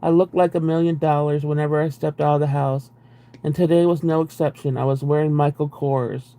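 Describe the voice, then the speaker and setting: A man's voice: a little high, flat delivery, a little fast, mellow. A young man on a live stream reading a book aloud and breaking off into profane, exasperated, sarcastic commentary. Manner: profane, exasperated, sarcastic asides between read passages.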